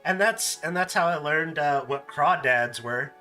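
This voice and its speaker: A man hosting a casual stream, telling animated stories and laughing often. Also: on the high side, a little slow, soft background music. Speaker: streamer host. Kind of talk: casual chat.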